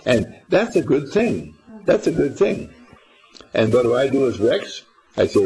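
A man's voice: mid-range voice, huge pitch swings, moderate pace, creaky, mellow, poor audio. An older man giving an informal spiritual talk to a small group, folksy and rambling, quizzing his listeners as he goes. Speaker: spiritual teacher.

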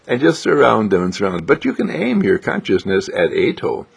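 A man gently guiding listeners through a self-healing exercise, with a coaxing, repetitive manner. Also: mid-range voice, sing-song, normal speed, creaky, hardly any pauses, breathy edge. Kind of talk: guided self-healing instruction.

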